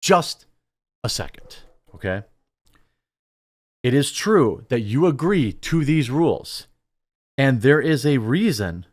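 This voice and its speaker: A man's voice: mid-range voice, big pitch swings, slow, pauses often, darkish tone, dry recording, studio quality. A man hosting a reaction commentary, sarcastic and rambling, with frequent restarts. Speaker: commentary host.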